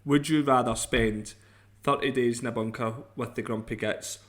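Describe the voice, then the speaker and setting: A man's voice: mid-range voice, fairly even intonation, normal speed. A man co-hosting a podcast in casual banter, teasing his friends and laughing often. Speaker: podcast co-host. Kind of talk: casual chat.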